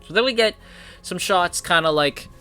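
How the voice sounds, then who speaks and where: A man's voice: sits high, normal speed, pushed and bright, soft background music. A man casually recapping comic chapters as a reviewer, retelling scenes by paraphrasing the characters and chuckling along. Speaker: manhwa reviewer.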